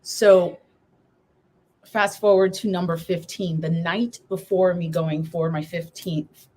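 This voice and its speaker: A middle-aged woman with a slightly low voice tells her story as a guest on a live talk show. She speaks with emotion close to the surface, fighting back tears as she goes on. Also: fairly even intonation, takes it slowly, mellow. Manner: tearful, holding back emotion while telling her story.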